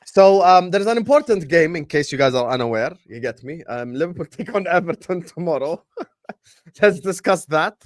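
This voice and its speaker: A man's voice: a little high, expressive, moderate pace, dry recording, studio quality. A young man hosting a casual football chat, bantering with his co-hosts and reading fan messages aloud. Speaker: podcast host.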